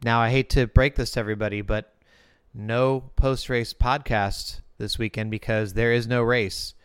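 A man hosting an interview podcast, relaxed and chatty, poking fun at himself. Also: mid-range voice, normal speed, clear, resonant tone, no echo, clean studio sound. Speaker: podcast host.

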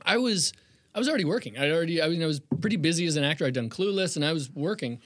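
A middle-aged man, an actor guest, telling animated stories in casual conversation and acting out quotes. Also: a little high, very fast, dry recording, studio quality. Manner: animated storyteller, acts out quotes.

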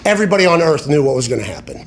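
Male sports-talk host, slightly high voice, emphatic and foul-mouthed, faint background noise. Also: rapid-fire. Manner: profane, animated, emphatic; tangents and self-corrections.

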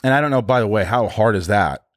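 A man's voice: on the low side, fast talker, no room sound, studio quality. A man, an actor, chatting casually and acting out an anecdote with quoted voices. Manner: animated storyteller, acts out quotes. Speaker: actor guest. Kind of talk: casual chat.

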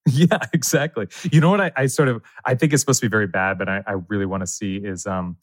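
A man's voice: lowish voice, steady tone, fast talker. A man from New Jersey, a podcast guest chatting casually and eagerly, often restarting his sentences. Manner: enthusiastic, stumbles and restarts often. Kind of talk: casual chat.

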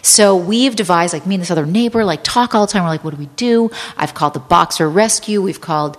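A woman actress and improviser, a podcast guest who tells rambling, animated anecdotes full of "like". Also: on the low side, fast talker, in a large hall. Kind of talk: casual storytelling chat.

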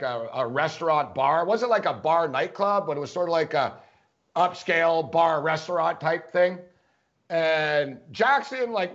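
A man's voice: a little high, fairly bright tone. A man co-hosting a casual sports podcast, telling rambling stories with plenty of fillers. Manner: rambling storyteller, lots of fillers. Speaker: co-host. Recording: dull lo-fi podcast audio.

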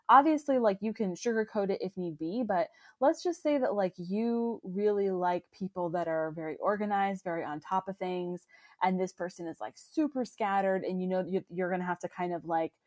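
A woman's voice: fairly low pitch, dry recording. Chatty young woman co-host, dry sound. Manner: chatty, rambling, frequent fillers and restarts. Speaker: podcast co-host. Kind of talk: casual chat.

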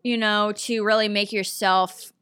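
A woman hosting a comedic interview, teasing her guest in a deadpan, roasting way. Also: medium pitch, a little slow, smooth. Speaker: interviewer host.

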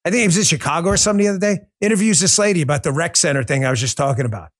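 A man hosting a political commentary podcast, talking in an animated, joking and profane way. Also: on the high side, very fast. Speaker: podcast host.

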